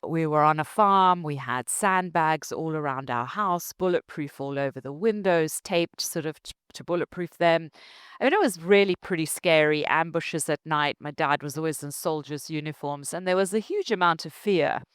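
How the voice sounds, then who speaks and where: A middle-aged company founder from Zimbabwe, speaking with a Zimbabwean accent, tells her story in an interview, animated and laughing often. Her voice sits low, clear and resonant, at a normal speed, with no echo.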